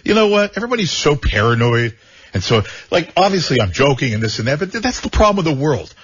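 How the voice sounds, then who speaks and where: A man's voice: fairly high pitch, very animated, fast, a bit bright, husky. A man hosting a talk radio show, joking and rambling with frequent stammered repeats. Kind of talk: casual talk radio banter. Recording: dull lo-fi radio sound.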